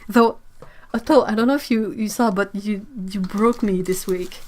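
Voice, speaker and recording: A woman's voice: medium pitch, fairly even intonation, normal speed, darkish tone. A young woman, hosting a casual livestream chat, musing aloud and sounding out words with frequent laughs. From Quebec, Canada. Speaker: livestream host, artist.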